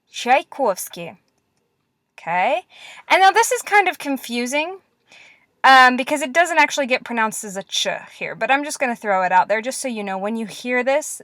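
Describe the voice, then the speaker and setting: A woman teaching Russian letters in a classroom-style lesson, patient and encouraging, repeating words slowly. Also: fairly high pitch, a bit bright, dry recording, studio quality.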